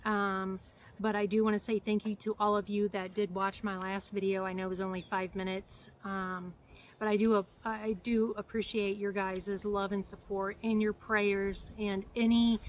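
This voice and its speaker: A woman's voice: medium pitch, little pitch movement, normal speed, a little hiss or hum, low-quality recording. Flustered woman with a hacky cough. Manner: rambling, flustered, many fillers. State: hacky cough, short of breath. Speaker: vlogger. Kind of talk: casual health update vlog.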